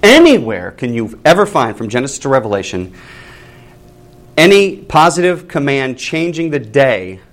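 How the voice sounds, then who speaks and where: A man's voice: medium pitch, normal speed. Joking man leading a Bible class. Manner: joking and lively, reads aloud then comments. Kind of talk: casual Bible class talk with reading aloud.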